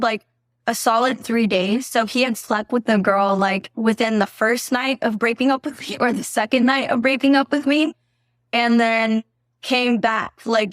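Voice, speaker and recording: A woman's voice: on the high side, no room sound, clean studio sound. A young woman, a podcast guest, telling a story casually, filling her speech with "like" and swearing freely. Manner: chatty, heavy use of "like", swears freely. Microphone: podcast microphone.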